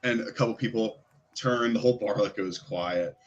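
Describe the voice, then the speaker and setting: A man's voice: on the low side, normal speed, highs cut off. A man narrating as game master in a loose, rambling way with many fillers.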